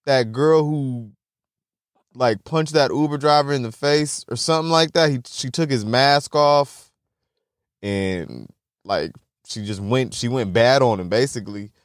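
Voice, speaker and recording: A man's voice: medium pitch, unhurried, dry recording, clean studio sound. A young man hosting a solo podcast, telling stories in a loose, profane, rambling way and laughing often. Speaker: podcast host. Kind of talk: casual solo podcast storytelling.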